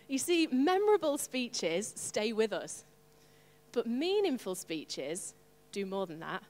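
A woman preaching a sermon to her congregation, animated and playful, with asides to the listeners. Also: sits high, moderate pace, in a large hall. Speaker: pastor.

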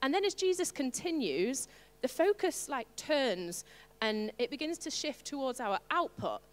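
A woman preaching a sermon to her congregation, animated and playful, with asides to the listeners. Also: high voice, a little slow, in a large hall. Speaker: pastor.

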